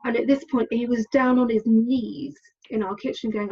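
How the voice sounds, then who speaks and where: A woman's voice: on the high side, fairly even intonation, normal speed, dark tone, slightly rough, dull audio. A woman, a podcast guest telling her personal story candidly and with hesitations. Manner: candid, hesitant, acts out quoted lines.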